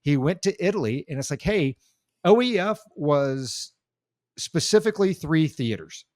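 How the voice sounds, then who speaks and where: A man's voice: a little high, expressive, unhurried, a little mellow, no room sound, studio quality. A man co-hosting a casual podcast talk, a veteran who speaks in heated, rambling bursts with many restarts. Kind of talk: casual chat.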